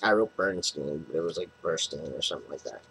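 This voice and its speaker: A man's voice: a bass voice, big pitch swings, very fast, gravelly, fairly bright tone, slight background noise, low-quality recording. A man casually recapping a comic book plot, rambling with lots of fillers and restarts.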